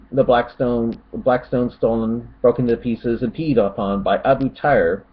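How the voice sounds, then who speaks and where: A sarcastic man rambles through online comments in casual commentary and mocks them as he goes. His pitch swings widely. The recording is a little dull and lo-fi.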